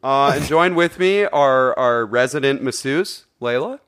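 A man's voice: medium pitch, lively intonation, a little slow, a bit bright, smooth. A man hosting a podcast in casual comedic chat, rambling and joking, swearing freely. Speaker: podcast host.

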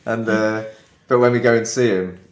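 A man from England with a lowish voice, chatting on a podcast. He tells stories animatedly, acting out what people said. The recording has a roomy echo. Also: moderate pace. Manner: storytelling, animated when acting out quotes. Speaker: podcast co-host. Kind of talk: casual chat.

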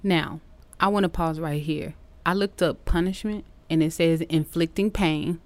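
A woman podcast host tells classroom stories in a casual, teacherly way. Her voice sits a little low, and it rises with energy whenever she acts out a quote. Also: a little slow, dry recording. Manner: animated storytelling, acting out quotes.

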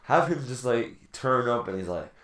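A man's voice: medium pitch, animated, normal speed, fairly bright tone. A man co-hosting a casual film podcast who swears often, laughs a lot and riffs through silly bits. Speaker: podcast co-host. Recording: echoey room with background noise.

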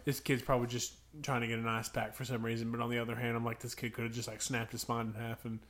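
A man's voice: medium pitch, monotone, quick pace, fairly bright tone. Young male podcast co-host, casual storyteller who acts out kids' voices. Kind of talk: casual chat.

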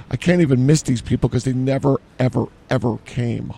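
A man co-hosting an improvised comedy podcast in a grocery store, rambling deadpan and trailing off mid-sentence. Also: mid-range voice, a little fast, creaky, breathy edge. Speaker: podcast co-host.

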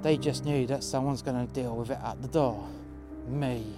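A man telling a rough, profane story in a blunt, tough-talking way, recorded outdoors. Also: medium pitch, steady tone, normal speed, loud music behind the voice. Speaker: storyteller, door security worker. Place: outdoors in freezing cold.

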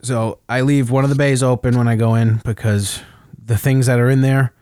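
A man tells a story in casual, profane chat, his voice jumping higher when worked up. His pitch sits in the middle of the male range. The sound is dry and close to the mic. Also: fairly even intonation, moderate pace, darkish tone, clear, resonant tone, no room sound. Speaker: podcast co-host telling a story.

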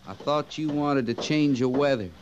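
An actor playing a wry, needling cavalry sergeant. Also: male voice, fairly high pitch, moderate pace, lo-fi sound, slight background noise, close to an everyday voice. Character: dry-humored male cavalry sergeant. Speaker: army sergeant. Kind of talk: vintage TV western drama.

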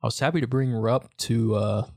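A man's voice: mid-range voice, normal speed, a little mellow. A man co-hosting a podcast in casual chat, easygoing and joking, often trailing off mid-sentence. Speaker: podcast co-host.

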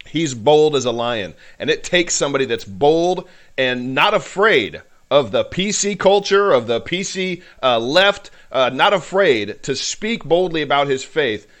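A man's voice: on the high side, expressive, unhurried, fairly bright tone. A man hosting a podcast, giving emotional faith-based commentary in a fervent, preacherly way, at times choked up. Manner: fervent, preacherly, voice rising with passion. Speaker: podcast host.

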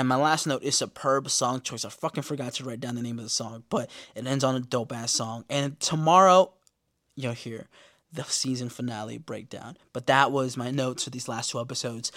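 A man hosting a podcast, giving a casual, profane episode recap and quoting characters in animated bursts. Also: medium pitch, no room sound, studio quality. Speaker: podcast host.

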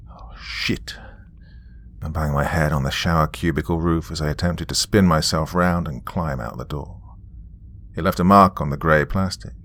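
A man telling a first-person story in a measured, descriptive way. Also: sits low, fairly bright tone.

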